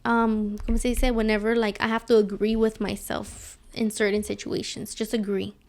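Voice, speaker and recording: Chatty woman with a gravelly edge. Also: mid-range voice, normal speed. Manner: animated storyteller acting out quoted voices. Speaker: podcast co-host. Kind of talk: casual chat.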